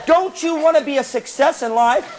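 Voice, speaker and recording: Brief: shrill, nagging mother scolding her toddler, high and shrieking, played by a man. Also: normal speed, a loud crowd, heavy background noise. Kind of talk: live seminar storytelling.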